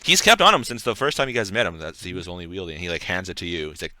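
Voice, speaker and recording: A man's voice: deep voice, animated, rapid-fire, sharp tone, no room sound. A man running a tabletop game as game master, rambling through his narration with many fillers.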